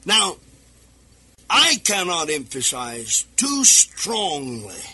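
Fervent husky-voiced male preacher. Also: a little high, wildly swooping pitch, very slow. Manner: fervent, rising to shouts and sing-song cadences. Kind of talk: sermon. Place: radio broadcast. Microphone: speaking into a microphone.

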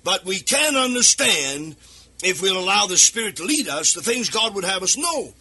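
Male radio preacher, high-pitched and husky, fervent delivery swinging into shouts and sing-song. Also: big pitch swings, normal speed. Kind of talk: sermon. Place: radio broadcast. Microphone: speaking into a microphone.

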